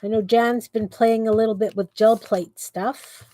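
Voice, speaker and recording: Her pitch is fairly high and her intonation mostly even, delivered at a measured pace with a dark tone and no room sound. She's a middle-aged woman streaming her crafting from a home basement, making casual conversation with viewers and muttering to herself while she works.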